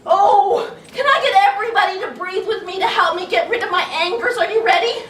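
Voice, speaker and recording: A woman giving an animated talk to an audience, playful and exaggerated, gasping and laughing as she acts out feelings. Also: extremely high pitch, fairly quick, distant mic, slight background noise. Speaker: children's educator giving a talk. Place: large room with an audience. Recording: echoey room recorded from afar, faint ambience.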